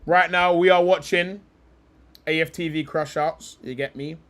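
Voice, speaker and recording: A man hosting a casual live reaction stream, chatting in quick slang that trails off quieter at the ends of his sentences. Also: a little high, fairly even intonation. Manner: fast slang-heavy chat, trailing off quieter. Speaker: livestream host.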